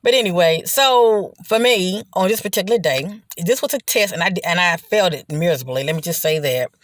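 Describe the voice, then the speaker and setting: A speaker giving a casual motivational talk, loose and conversational, often checking in with "okay?" and "you know", slowing and softening on reflective points. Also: mid-range voice, animated, no room sound. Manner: slows down and drops soft on reflective points. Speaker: vlogger sharing personal testimony.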